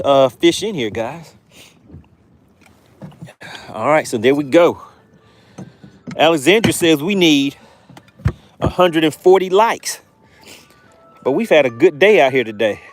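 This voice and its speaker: A man hosting a live fishing stream from a boat outdoors, reading chat and shouting playful catchphrases. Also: a little high. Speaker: fishing livestream host.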